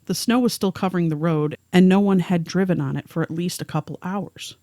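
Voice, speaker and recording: Woman calmly narrating a spooky account. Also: lowish voice, brisk, dry recording, studio quality. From rural area. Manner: reads a first-hand account aloud. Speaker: podcast co-host. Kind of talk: narrated storytelling.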